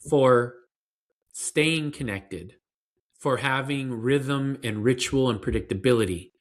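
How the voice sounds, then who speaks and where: A man's voice: medium pitch, fairly bright tone. Earnest man explaining parenting advice. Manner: earnest, explanatory, with fillers and restarts. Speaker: parenting expert guest. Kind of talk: conversational interview answers.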